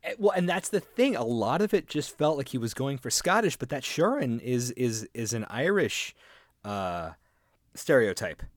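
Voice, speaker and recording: A man's voice: medium pitch, very animated, normal speed, dry recording, clean studio sound. A man in his thirties in casual conversation, voicing emphatic, opinionated critiques. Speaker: podcast co-host. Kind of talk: casual chat.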